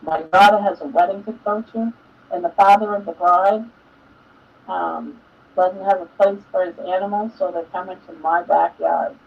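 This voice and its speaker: Husky older woman, distant and dull. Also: fairly low pitch, steady tone, normal speed. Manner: chatty and emotional, laughs often. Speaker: live stream host. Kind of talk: casual chat. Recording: dull lo-fi sound, distant from mic.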